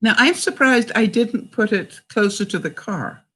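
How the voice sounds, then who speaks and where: An older woman from Canada talks straight to her viewers in a relaxed, chatty way. Her pitch rises and falls a lot as she goes. She often laughs between lines and reads out old sayings. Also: normal speed, breathy edge. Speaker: vlogger. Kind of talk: casual chat to viewers.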